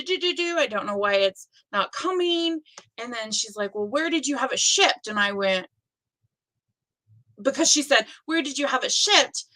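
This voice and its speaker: A woman's voice: high voice, bright, forceful tone, low-quality recording. A middle-aged woman hosting a live stream about a stitching challenge, chatting casually and rambling with self-deprecating asides.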